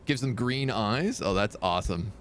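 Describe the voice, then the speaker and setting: Lively casual male game streamer. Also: fairly low pitch, normal speed, a little hiss or hum. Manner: casual, reads game text aloud. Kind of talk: live gameplay commentary.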